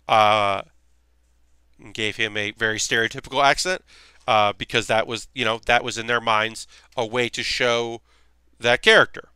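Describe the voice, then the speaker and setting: A man's voice: mid-range voice, pushed and bright, clean tone, no room sound. A young man hosting a livestream, rambling casually with lots of fillers between points. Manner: rambling, filler-heavy, chatty. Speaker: streamer hosting a model-building show.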